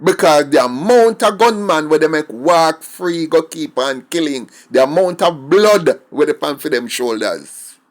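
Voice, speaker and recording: A man's voice: on the high side, lively intonation, measured pace. A middle-aged Jamaican man giving an emphatic, indignant opinion monologue and slipping between English and patois. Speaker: commentator.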